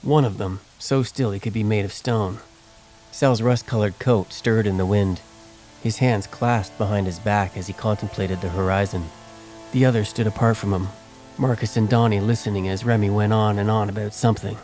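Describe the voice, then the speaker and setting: A male narrator reads a western novel in a steady, measured way. His voice sits on the low side for a man. It is plain scripted audiobook narration. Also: soft background music, rough recording.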